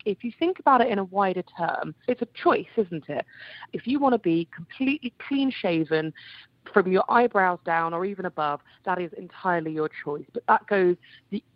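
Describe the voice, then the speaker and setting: A young woman, a guest writer, explaining her view on radio in an articulate, steady way. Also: lowish voice, moderate pace, no room sound, muffled recording. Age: young adult. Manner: articulate, steady, argues point by point.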